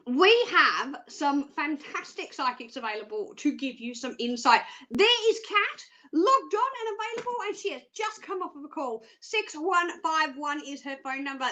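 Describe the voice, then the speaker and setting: A high, bright Australian woman hosting a psychic phone-in show. She talks in a chatty, self-mocking way with easy giggles, moving between crystal readings and cheerful pitches to callers. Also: poor audio. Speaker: psychic phone-line presenter.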